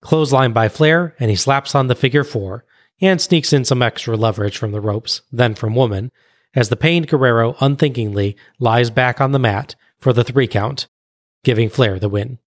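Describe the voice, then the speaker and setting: A man on a podcast recapping a wrestling match blow by blow in a brisk play-by-play recounting. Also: mid-range voice, no echo, studio quality. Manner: brisk play-by-play recounting, laughs at own jokes. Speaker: podcast co-host.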